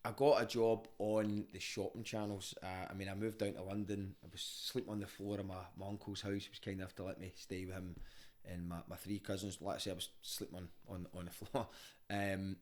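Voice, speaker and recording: Glaswegian guy in his 30s, lowish voice, swears a lot, rambling candid podcast chat. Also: level tone, a little fast, darkish tone. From Scotland. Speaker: comedian guest. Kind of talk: casual podcast interview storytelling.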